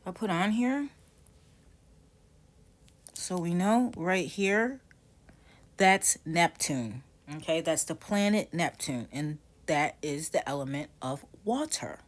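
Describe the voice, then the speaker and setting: A woman in her forties with a slightly low voice, teaching in a loose, chatty way. She rambles, doubles back and corrects herself mid-thought. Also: expressive, takes it slowly, pauses often. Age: 40s. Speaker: tarot teacher. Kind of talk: casual teaching.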